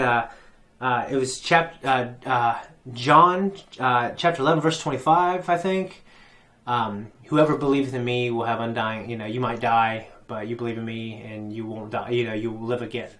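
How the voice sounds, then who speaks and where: A man's voice: medium pitch, a bit bright. A man hosting a reaction channel, choked up and teary, rambling through an emotional episode recap with many restarts.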